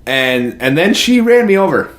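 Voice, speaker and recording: Chatty man with a higher voice. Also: big pitch swings, normal speed, a bit bright. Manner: loose, rambling retelling with many fillers. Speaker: podcast co-host. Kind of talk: casual chat.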